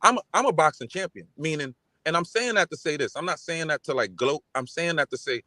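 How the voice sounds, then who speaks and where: A man in casual chat, talking in an animated, emphatic way and repeating his phrases. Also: a little high, a little fast, no echo.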